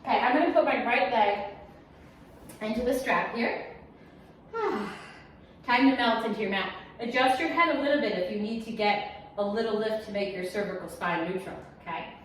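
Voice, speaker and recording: A woman's voice: on the high side, moderate pace, slight background noise. A woman teaching a Pilates class, cueing breaths and counts in a chatty, encouraging way with small jokes. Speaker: Pilates instructor. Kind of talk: guided exercise class cueing. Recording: echoey room, mic some distance off.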